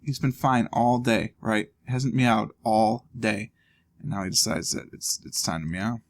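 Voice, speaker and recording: Gravelly man mulling over a game. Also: fairly low pitch, unhurried. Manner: thinking aloud, wry asides. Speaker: let's play host. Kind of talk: casual gameplay commentary.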